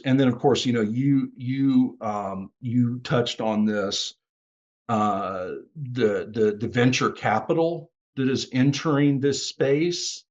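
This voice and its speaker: A man's voice: medium pitch, highs cut off. A man in a casual podcast discussion, talking in a rambling way with many restarts and fillers over a remote call. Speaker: consultant, former USAID officer.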